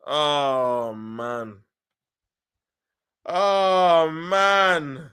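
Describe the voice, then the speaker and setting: A man giving excitable, emotional live commentary on a football match, groaning and shouting at the action in slangy talk. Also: on the high side, unhurried, pauses often, smooth. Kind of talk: excitable fan watch-along commentary.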